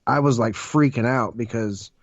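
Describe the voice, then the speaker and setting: A man's voice: medium pitch, moderate pace, dry recording. A man co-hosting a podcast, telling a story casually and laughing as he goes. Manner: laughs through his story, plain talk. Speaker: podcast co-host. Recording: dry, dull lo-fi sound.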